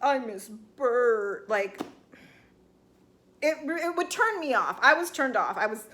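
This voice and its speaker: A woman's voice: high-pitched, big pitch swings, measured pace, sharp tone. A young woman recapping a reality show for her viewers in a chatty, sarcastic way. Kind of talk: casual chat.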